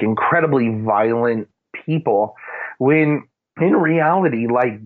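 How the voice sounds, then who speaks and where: Earnest man on narrow phone-like audio. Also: mid-range voice. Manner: earnest, rambling with fillers. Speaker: Christian parenting guest. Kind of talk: casual faith-based parenting chat. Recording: phone-like narrow radio sound.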